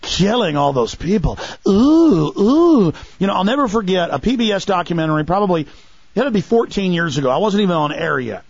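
A man with a high voice talks fast and heatedly on a radio show, sarcastic and mocking. The sound is dry and a little dull, like lo-fi broadcast audio. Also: expressive, slightly rough, no echo. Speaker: radio talk show host.

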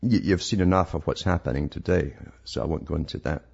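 A man's voice: very deep voice, fast talker, gravelly, breathy edge. A man giving a sarcastic, rambling monologue as a talk host, often restarting his sentences. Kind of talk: monologue reading news articles. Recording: dull lo-fi recording.

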